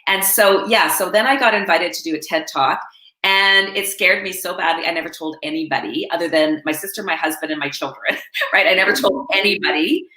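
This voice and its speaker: A woman coach and author telling animated stories in an interview, often laughing and quoting others. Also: fairly low pitch, brisk, reverberant. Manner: laughing, animated anecdotes with acted quotes. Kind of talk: storytelling in a live interview.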